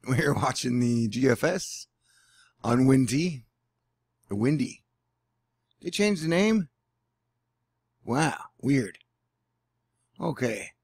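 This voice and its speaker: A man's voice: medium pitch, vocal fry, a little mellow, no echo, studio quality. A man in a casual weather vlog at home, talking in a sarcastic, rambling way. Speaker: weather vlogger. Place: indoors at home.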